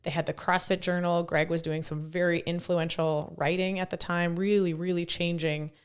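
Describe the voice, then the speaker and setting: Brief: hoarse middle-aged woman, chatty podcast co-host, lowish voice. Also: little pitch movement, normal speed. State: hoarse, recovering from lost voice. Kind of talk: casual podcast chat.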